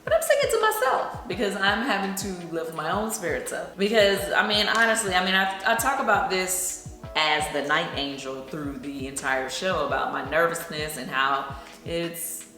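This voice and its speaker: A woman's voice: lowish voice, big pitch swings, moderate pace, bright, forceful tone. A middle-aged woman from Atlanta, chatting casually about a singing show and filling her talk with "you know". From Atlanta, Georgia. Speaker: singer and vlogger. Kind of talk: casual behind-the-scenes chat. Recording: echoey room, faint music behind.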